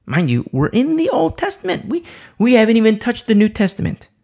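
A man preaches a midweek Bible study with a gravelly, husky voice. His pitch swings widely as he presses each point, often repeating a phrase for stress. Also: wildly swooping pitch, fairly quick, darkish tone. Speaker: Bible teacher.

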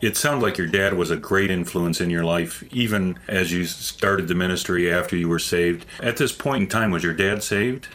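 A man interviewing a guest, asking measured, conversational questions. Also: sits low, fairly bright tone.

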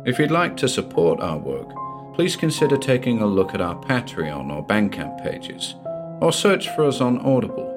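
Male narrator, deep voice, lively intonation, measured ghost-story reading. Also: music in the background. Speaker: audiobook narrator and channel host.

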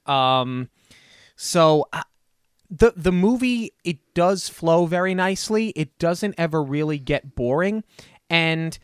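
A man casually discussing a movie as a podcast co-host, chatty and animated with frequent fillers. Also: fairly high pitch, slow pace, clean tone, no echo, clean studio sound.

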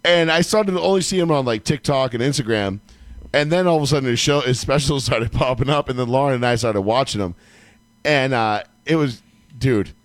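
A man co-hosting a sports podcast, chatting excitably and emphatically, with some swearing. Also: mid-range voice, brisk, dry recording. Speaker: podcast co-host. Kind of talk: casual sports chat.

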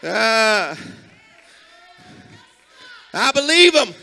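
A man's voice: sits high, big pitch swings, extremely slow, vocal fry, bright, forceful tone, some chatter behind. A man preaching an impassioned sermon, with call-and-response lines and a sing-song, chanting delivery.

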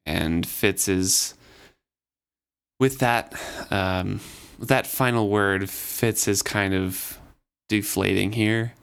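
A man's voice: on the low side, slow pace, vocal fry, clear, resonant tone. Man casually discussing a book. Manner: reads passages aloud in a relaxed conversational way. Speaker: podcast co-host.

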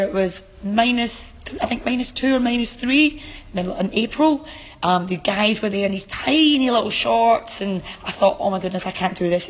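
A woman's voice: medium pitch, big-room sound. A woman from Scotland with a Scottish accent, chatting in a casual interview about her local event, with many fillers. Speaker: guest event organizer.

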